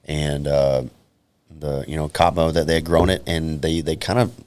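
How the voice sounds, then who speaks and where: A man's voice: a bass voice, level tone, darkish tone, clear, resonant tone. A man, a police officer guest on a podcast, talking in an easygoing, upbeat way. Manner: easygoing, upbeat, acts out quick exchanges. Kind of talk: casual chat.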